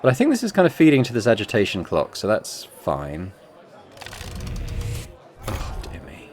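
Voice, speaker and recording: Solo tabletop player and narrator, man, lower voice, very lively ups and downs, faint music behind. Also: fairly quick, crowd noise. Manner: expressive, groans and swears at dice rolls. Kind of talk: playing a tabletop game on camera.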